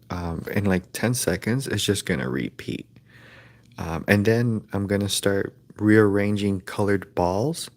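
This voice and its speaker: Slow gravelly man rambling deadpan. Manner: rambling deadpan with mock ad pitches. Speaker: streamer. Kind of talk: improvised comedic livestream rant.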